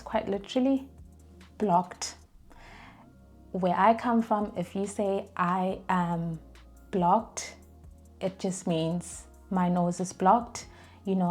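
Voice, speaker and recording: Speaking casually to her vlog audience, a young adult woman with a fairly low voice spins an animated, talkative story. Fillers and restarts crop up often as she dramatizes the phrases she quotes.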